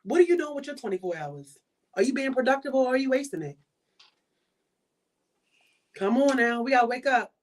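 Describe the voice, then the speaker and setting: A woman's voice: sits high, expressive, moderate pace, long pauses. Emphatic woman podcast host, preaching. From Baltimore. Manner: preachy, emphatic, repeats points. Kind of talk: motivational monologue.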